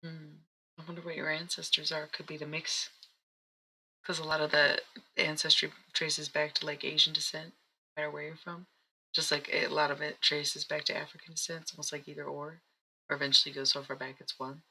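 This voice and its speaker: Streaming psychic reader, rambling chat with a gravelly, sharp edge to the voice. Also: medium pitch, flat delivery, a little fast, poor audio. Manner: rambling, chatty, self-interrupting. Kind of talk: casual live-stream chat.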